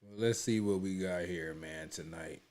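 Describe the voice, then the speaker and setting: A man's voice: low-pitched, normal speed, darkish tone. A man hosting a reaction video, chatting loosely to viewers with many restarts and repeated words. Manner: talks to viewers as "y'all". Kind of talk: casual running commentary.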